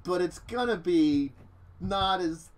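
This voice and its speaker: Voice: mid-range voice, animated, slow, poor audio. A game master casually narrating a tabletop role-playing game, rambling with many fillers. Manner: casual, rambling, laughing often.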